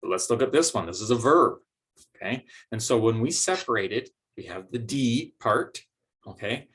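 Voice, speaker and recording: A man's voice: medium pitch, animated, normal speed, slightly rough. A man teaching a recorded phonics lesson, explaining patiently step by step with some fillers.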